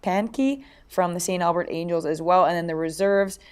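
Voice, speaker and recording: Chatty low-voiced woman co-host. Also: moderate pace, darkish tone, clear, resonant tone. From Canada. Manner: chatty, lots of fillers and restarts. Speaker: podcast co-host. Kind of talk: casual podcast chat.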